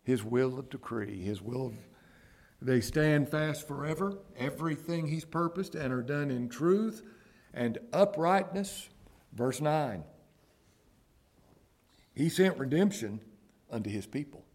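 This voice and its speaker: A man delivering a sermon at an unhurried, drawn-out pace. His voice sits at an ordinary middle pitch. He swings from near-whispered asides to raised, emphatic declarations. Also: animated. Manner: dramatic swings from hushed whispers to raised exclamations. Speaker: preacher.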